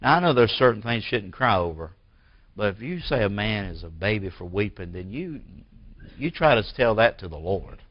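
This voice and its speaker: A man preaching a sermon as pastor in a church. He swings from forceful bursts to quiet, hushed lines. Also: on the low side, very animated, moderate pace, no room sound, dull audio. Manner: preaching with rising emphatic bursts and drops to near-whisper.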